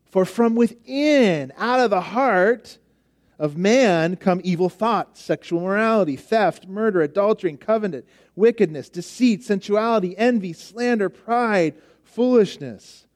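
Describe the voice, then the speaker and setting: Guy preaching, pretty high voice, chatty and emphatic, drops real quiet sometimes. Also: expressive, unhurried. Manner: conversational, emphatic, with frequent restarts and drops to near whisper. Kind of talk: sermon.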